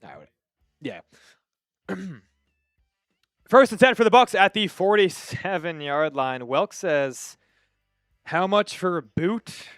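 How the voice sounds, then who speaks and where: High-pitched and expressive, this Long Island, New York host speaks slowly and pauses often while calling plays on a live football watch-party stream. He chats casually and reads viewer messages aloud in a fairly bright, clean tone. Soft background music accompanies the studio-quality audio, which has no room sound.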